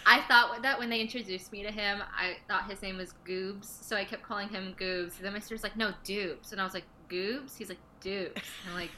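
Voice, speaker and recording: A woman's voice: mid-range voice, steady tone, brisk, few pauses, pushed and bright, a little hiss or hum. A woman guest on a podcast, giggly and rambling as she tells stories about improv. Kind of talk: casual chat.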